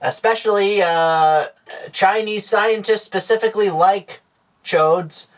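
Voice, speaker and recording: A deadpan market vendor pitches his odd goods in a slightly high, unbothered voice, as a man plays him. It is an improvised comedy sketch, delivered flat and matter-of-fact. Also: slow pace.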